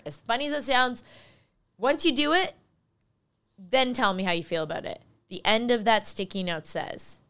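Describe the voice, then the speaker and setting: A woman's voice: mid-range voice, fairly bright tone, clear, resonant tone. A woman guest on a podcast, talking as a life coach in an upbeat, emphatic way and laughing often. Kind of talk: motivational podcast talk.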